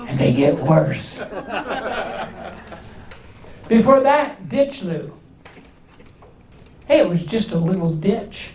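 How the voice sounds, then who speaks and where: An older man doing a stand-up comedy set, delivering one-liners with pauses before each punchline. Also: fairly high pitch, very animated, warm tone. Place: large indoor event hall. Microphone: distant camera from the back of the room. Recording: echoey hall, from far off.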